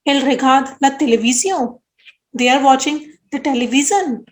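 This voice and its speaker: A woman teaching a French lesson in English, explaining slowly and carefully, with French example sentences. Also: high-pitched, reverberant, rough recording. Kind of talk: scripted language lesson.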